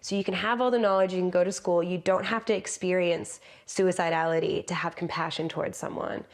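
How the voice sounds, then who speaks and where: Speaking fairly quickly in a lowish voice, this American woman is a podcast guest who brings lived experience as a practitioner. In a conversational interview, she tells stories with animation, acting out the quotes. Her style stays talkative and lively throughout.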